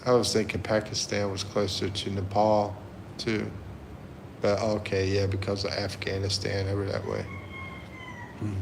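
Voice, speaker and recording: A man hosting a livestream, reading chat comments aloud and chuckling often in a relaxed way. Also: on the low side, moderate pace, slight background noise. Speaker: livestream host.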